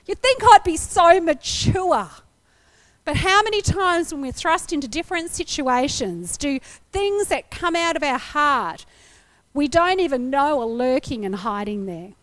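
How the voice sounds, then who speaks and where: Lively high-voiced woman preaching. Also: a little slow, no room sound. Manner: animated storytelling, acting out her own reactions. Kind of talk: sermon with personal testimony.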